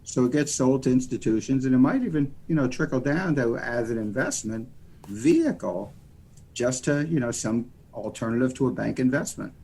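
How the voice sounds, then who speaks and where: This man's voice is medium in pitch, dark, slightly rough, and expressive, moving at a moderate pace. He's a U.S. mortgage lender guesting on a podcast, rambling folksily about loans and saying "you know" again and again in a relaxed interview.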